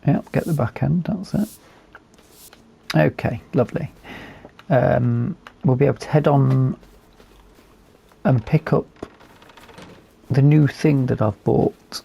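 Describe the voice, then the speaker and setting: Guy chatting slow over a game, voice going hoarse, lots of ums, husky. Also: mid-range voice, mellow. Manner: unhurried, thinking aloud with fillers. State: losing his voice. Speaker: gaming video host. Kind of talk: relaxed game commentary.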